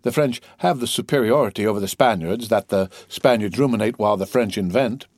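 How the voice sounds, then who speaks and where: A man's voice: lowish voice, fairly quick, a little mellow, no room sound. A man voicing a scheming, envious male ship's clerk who speaks slyly and persuasively, in a storybook reading. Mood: smooth scheming. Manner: sly, persuasive, mock-innocent.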